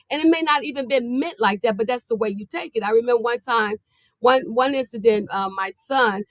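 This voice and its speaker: A middle-aged woman tells a personal story on a podcast in an earnest, conversational way, acting out the people she quotes. Her voice sits fairly high, and the recording is dry and close with no room echo.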